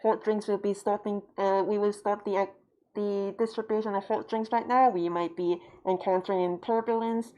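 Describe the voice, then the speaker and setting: A woman's voice: medium pitch, fairly even intonation, normal speed, dark tone, lightly acted. A woman imitating a muffled airline captain on the intercom. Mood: announcing. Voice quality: muffled, announcer-like. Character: adult male airline captain making a cabin announcement.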